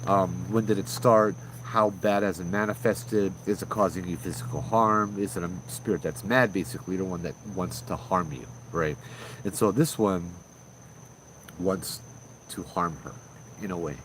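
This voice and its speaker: A man, hosting and telling a ghost story in a loose, conversational way, with fillers and sudden loud bursts. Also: low-pitched, normal speed, slight background noise, rough recording. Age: 30s. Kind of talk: casual spoken ghost story.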